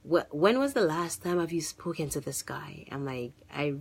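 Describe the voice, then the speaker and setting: A woman telling a casual personal testimony about her church life, animated, with many restarts and fillers. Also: low voice, moderate pace, slightly rough. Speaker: church choir member sharing a testimony.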